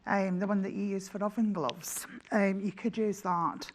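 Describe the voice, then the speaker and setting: A woman's voice: medium pitch, steady tone, moderate pace, a little hiss or hum. Reassuring woman demonstrating sewing. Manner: reassuring, explains steps patiently. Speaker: sewing guest expert. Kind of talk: demonstration explaining. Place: TV studio.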